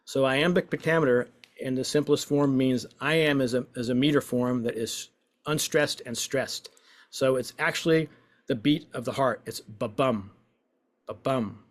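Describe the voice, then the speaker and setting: A man's voice: mid-range voice, fairly even intonation, normal speed. A man leading a voice and poetry exercise, encouraging and playful, stretching out lines as he recites. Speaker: workshop leader.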